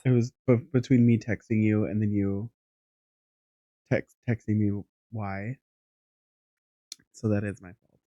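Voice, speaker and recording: A man co-hosting a podcast, telling a long anecdote in a rambling, animated way with casual swearing. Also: lowish voice, a little slow, pauses often, dry recording, dull audio. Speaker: podcast co-host. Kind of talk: casual storytelling chat.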